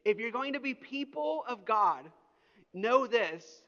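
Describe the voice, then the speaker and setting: A middle-aged pastor delivers a sermon, telling stories with animated, mock-indignant energy. His voice sits high for a man. The sound is a little dull, and his words ring out in a large hall with long reverb. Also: takes it slowly. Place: church auditorium.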